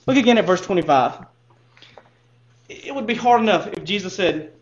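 A man's voice: high-pitched, animated, moderate pace, long pauses, muffled recording. A man preaching a sermon as pastor, speaking earnestly and putting direct questions to his listeners.

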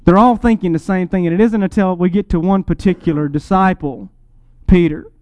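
A man preaching a sermon, explaining scripture and Greek words in a teaching tone. He swells up on lists of titles and drops low for emphasis. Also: fairly even intonation, a little fast, darkish tone, clean tone, no room sound.

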